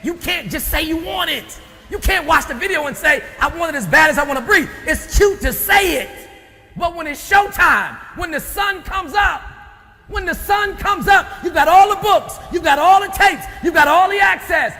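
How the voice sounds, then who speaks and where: A man shouting a driving, rhythmic motivational speech. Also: very high voice, lively intonation, normal speed, in a large hall, soft background music. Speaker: motivational speaker.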